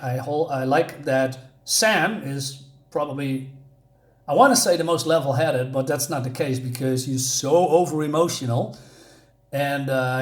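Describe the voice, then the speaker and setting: A man talks through a comic issue in a loose, rambling review, thinking aloud as he goes. His voice sits a little high for a man, and his delivery stays conversational and unscripted. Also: echoey room. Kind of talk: casual spoken review.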